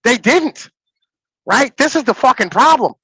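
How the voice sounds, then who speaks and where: Brief: profane, animated man, high voice, dry close sound. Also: a little slow, breathy edge, no room sound, rough recording. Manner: animated, profane, repeats "you know what I'm saying". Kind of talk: casual profane chat.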